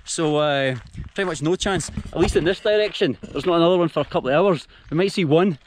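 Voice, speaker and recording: A man's voice: fairly high pitch, a little fast, a little hiss or hum. A young Scottish man talking casually to his camera while walking along rail tracks, chatty and jokey. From Scotland. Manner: chatty, jokey, self-mocking. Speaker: travel vlogger. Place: outdoors, countryside by rail tracks. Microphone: handheld action camera.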